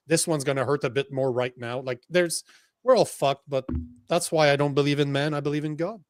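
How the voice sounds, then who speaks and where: A Canadian man co-hosting a casual political chat show, telling stories in a profane, animated way. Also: fairly high pitch, brisk, no echo, studio quality. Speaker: co-host.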